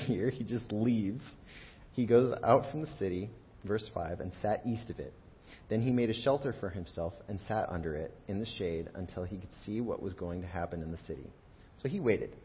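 A man preaching in a church, retelling scripture in a conversational, humorous, animated way. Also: breathy edge. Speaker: pastor. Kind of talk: sermon. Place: church sanctuary. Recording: dull audio with faint rumble.

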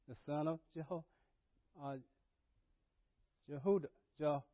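A man preaching a sermon as pastor, swinging between low murmurs and loud dramatic paraphrase. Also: steady tone, takes it slowly, no echo, muffled recording. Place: church.

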